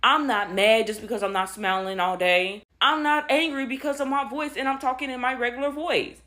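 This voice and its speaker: A woman with a fairly high voice vents to camera in loose, slangy talk. She sounds exasperated and blunt, peppering her lines with "bro". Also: moderate pace, pushed and bright. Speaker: social media commentator. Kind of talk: casual rant to camera.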